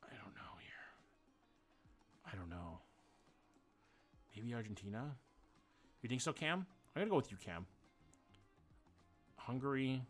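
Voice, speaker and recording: A man's voice: medium pitch, very animated, unhurried, pauses often, a bit bright, soft background music. A man streaming a game live, thinking aloud, swearing casually and greeting viewers by name. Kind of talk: casual live-stream chat while playing.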